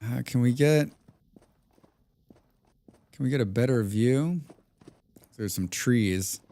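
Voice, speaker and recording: A man's voice: mid-range voice, slow, mellow, dry recording. A man live-streaming a survival game, chatting casually with his viewers and repeating his own phrases. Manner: chatty, talks to himself and chat, repeats phrases.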